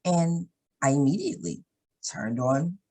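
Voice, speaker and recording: A woman guest in casual conversation, telling candid stories in an animated way. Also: sits low, measured pace, low-quality recording. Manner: animated, acts out others' lines in changed voices; candid, swears now and then.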